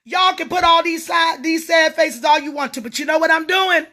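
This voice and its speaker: Fiery middle-aged woman preacher, bright and high, cussing in a livestream rant. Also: fairly even intonation, normal speed, hardly any pauses. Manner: profane, confrontational, preacher-like cadence. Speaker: prophetess.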